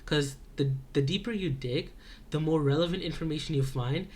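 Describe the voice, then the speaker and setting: A man's voice: fairly high pitch, normal speed, darkish tone, slight background noise. A teenage boy recapping a school research project in a vlog, talking loosely with many fillers and restarts. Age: teens. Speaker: high school student.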